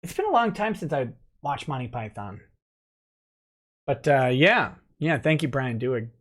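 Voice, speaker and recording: A man's voice: mid-range voice, big pitch swings, unhurried, fairly bright tone. A man hosting a casual livestream, joking and rambling while reading out chat messages. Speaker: livestream host, lawyer.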